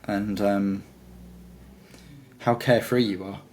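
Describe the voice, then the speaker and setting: A man's voice: on the low side, fairly even intonation, takes it slowly, a little mellow, slight background noise. A man chatting as a guitarist guest in an interview, talking in a rambling, enthusiastic way. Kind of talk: casual interview chat.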